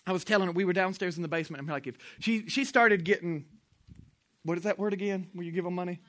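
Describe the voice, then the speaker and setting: A pastor with a high, sharp, bright voice preaches fast, telling stories to his congregation like a friendly conversation. He throws out questions for them to answer back and adds asides to the audience.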